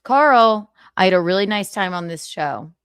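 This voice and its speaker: A woman's voice: medium pitch, animated, normal speed, smooth, no echo, studio quality. A woman hosting a livestream, arguing heatedly with a guest in a sarcastic, mocking, combative way. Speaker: livestream host.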